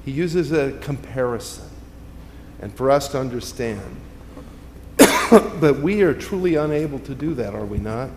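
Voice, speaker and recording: A man preaching a sermon, his delivery rising to loud, emphatic peaks and dropping to quiet, hushed asides. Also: mid-range voice, animated, unhurried, pauses often. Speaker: pastor. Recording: long reverb, faint ambient noise.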